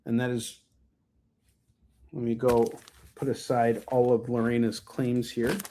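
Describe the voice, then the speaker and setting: An American man hosting a live comic book sales stream, chatting casually and joking, with many ums and asides. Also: a little high. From United States. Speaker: host and comic book seller.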